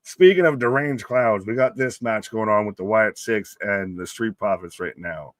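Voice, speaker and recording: A man's voice: fairly low pitch, normal speed, no room sound. A man hosting a casual live stream, calling the match play by play and reading chat comments aloud, loose and profane and often laughing.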